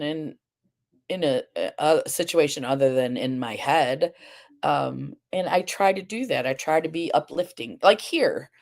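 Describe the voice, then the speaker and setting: A woman hosting a live stream, chatting casually with viewers, rambling a little with fillers and restarts, a bit groggy. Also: low voice. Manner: addresses viewers and the chat directly. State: groggy, sleepy. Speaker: livestream host.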